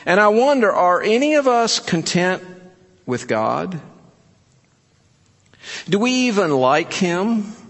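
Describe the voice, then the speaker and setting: A man's voice: mid-range voice, gravelly, in a large hall. A man preaching a sermon in an earnest, urging way, telling stories to make his point. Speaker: pastor.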